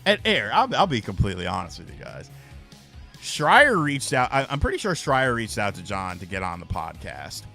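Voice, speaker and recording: Young male streamer, bright animated delivery, loose storyteller who swears. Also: on the low side, normal speed, vocal fry, faint music behind. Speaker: live stream host. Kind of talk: casual live stream chat.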